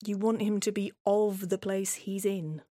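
A woman's voice: medium pitch, steady tone, a little slow. A woman performing a scripted first-person monologue in a wry, reflective, conversational way.

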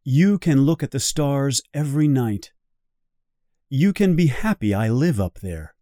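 Man voicing a little boy prince, storybook, soft, wistful, gentle, lively pitch, dry close sound. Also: a little slow, dry recording, close to an everyday voice.

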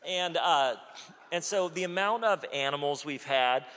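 Male pastor in his 40s, animated storytelling sermon, slightly high voice, long church reverb. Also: measured pace. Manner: animated storytelling, acts out quotes.

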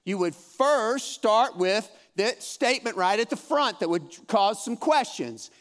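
A man's voice: high voice, animated, unhurried, a bit bright. A man in his fifties teaching a Bible study in a room with a live audience, speaking in an encouraging, folksy way and often repeating himself. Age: 50s.

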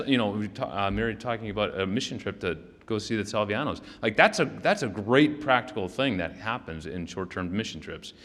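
A man's voice: medium pitch, fairly bright tone. Conversational male pastor in a reverberant hall. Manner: conversational, often checks in with "right?"; loose, with frequent restarts and fillers. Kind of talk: sermon. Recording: long reverb of a large hall.

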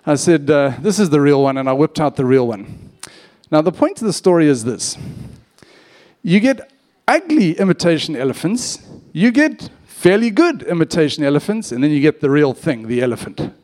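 A man's voice: on the high side, moderate pace. A man preaching a sermon, opening with a cheeky personal story and acting out the voices in it. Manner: animated storyteller, acts out quotes, cheeky humor. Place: church.

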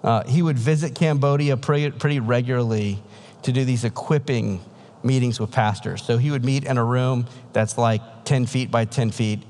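A man's voice: mid-range voice, a little mellow. A preacher telling a story in a casual, conversational sermon, acting out the voices of the people he quotes. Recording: long hall reverb.

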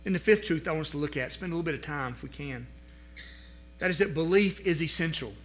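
A man preaching a sermon as pastor, his voice pitched fairly high and bright in tone. He swings between loud, emphatic rises and hushed, low passages. A steady mains hum sits under the recording. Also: quick pace.

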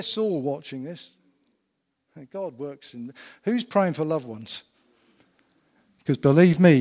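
A man's voice: on the high side, darkish tone. A man preaching a sermon. He tells stories emphatically and asks the congregation rhetorical questions. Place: church. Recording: long reverb of a church hall.

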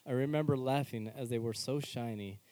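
Brief: man reading an article aloud, warm and mellow tone, wry asides between sentences. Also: medium pitch, brisk, low-quality recording. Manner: casual, wry asides between read passages.

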